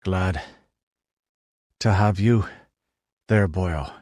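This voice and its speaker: A man voicing a badly wounded young male leader who speaks quietly, wearily and firmly. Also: low-pitched, drawn-out words, no echo. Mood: weary, firm. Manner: quiet, weary, firm.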